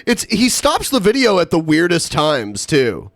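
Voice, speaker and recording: A man chatting on a podcast, amused and quick to laugh. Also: fairly high pitch, huge pitch swings, background noise. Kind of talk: casual podcast commentary.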